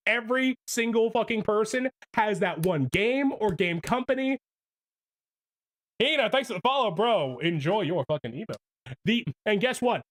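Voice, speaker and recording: A man's voice: sits high, a bit bright. Young male streamer, casual livestream rant, heavy swearing. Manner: profane, ranting.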